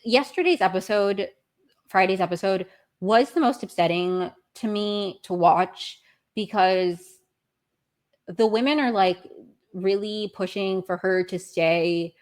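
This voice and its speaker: A woman's voice: medium pitch, slow pace. Rambling young woman recapping reality TV. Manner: rambling, self-correcting, apologetic asides; exasperated outbursts with swearing. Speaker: podcast host.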